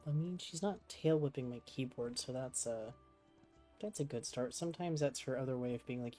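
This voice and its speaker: Streamer at a home desk, mellow tone, doting chatter to a pet, faint music behind. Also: medium pitch, normal speed. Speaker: game streamer. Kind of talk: casual stream chat. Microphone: desk microphone with webcam.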